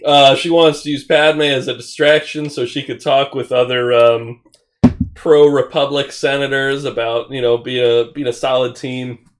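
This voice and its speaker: A young man co-hosting a podcast, rambling through a plot summary with quick asides. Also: mid-range voice, steady tone, slight background noise. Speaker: podcast co-host. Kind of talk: casual chat.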